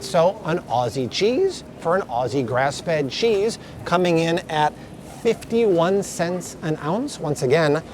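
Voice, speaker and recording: A man's voice: a little high, a little hiss or hum. A man vlogging his way through supermarket aisles, emphatically comparing prices in an upbeat tone. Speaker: grocery vlogger. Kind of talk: store walkthrough vlog.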